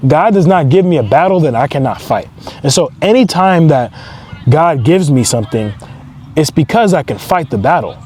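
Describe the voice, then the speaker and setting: A man's voice: on the high side, mellow. A man giving an emphatic motivational talk outdoors, driving his points home with repeated affirmations. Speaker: entrepreneur and motivational speaker.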